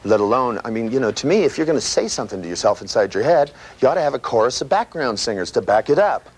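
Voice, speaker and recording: A man giving a live seminar lecture, animated and profane, full of "you know" and "right", acting out sounds with his voice. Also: medium pitch, fast, husky. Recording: noisy old tape recording with clicks.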